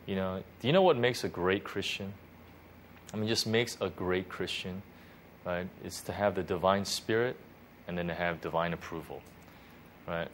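A man's voice: sits low, normal speed, pauses often, slight background noise. A man giving an informal devotional teaching as a pastor, talking conversationally and checking in often with "you know" and "right?".

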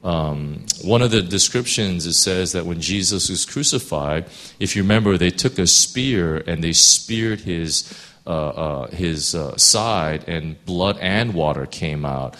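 A man preaching who reads a long scripture passage aloud, then talks it over in a halting way with many fillers and restarts. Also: sits low, fairly bright tone. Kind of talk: scripture reading then sermon.

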